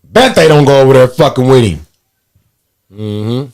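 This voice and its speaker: A man's voice: mid-range voice, normal speed. A man, hosting a podcast and telling profane stories in casual chat. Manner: animated storytelling, profane, laughs often. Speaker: podcast host.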